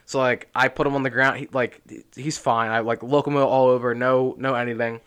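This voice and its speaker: Animated, swearing Philly guy. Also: mid-range voice, brisk, clean tone. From Philadelphia area. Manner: animated storytelling, swears a lot. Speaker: podcast co-host. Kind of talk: casual chat.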